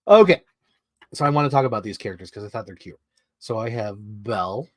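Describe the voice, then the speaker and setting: On a live stream, a man with a fairly low voice shows off his collectibles, chatting casually and rambling like a fan with plenty of fillers. The audio is studio quality, with no room sound.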